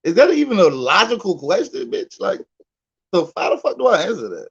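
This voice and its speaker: Animated high-pitched man, profane and mocking. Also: brisk, creaky, husky, highs cut off. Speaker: commentator reacting to a clip. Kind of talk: profane reaction commentary.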